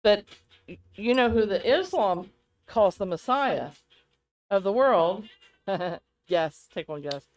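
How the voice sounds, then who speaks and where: A woman co-hosting a loose, casual podcast conversation. She rambles from thought to thought in an animated way and laughs often. Her voice sits at an ordinary middle pitch. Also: slow pace, pauses often, rough recording. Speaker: podcast co-host. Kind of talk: casual chat.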